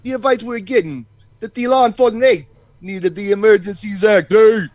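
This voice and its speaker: A man's voice: high-pitched, very slow, noisy background, pitched above the performer's own voice. A man putting on a swaggering male politician with a thick Italian accent and brash interjections. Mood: mocking.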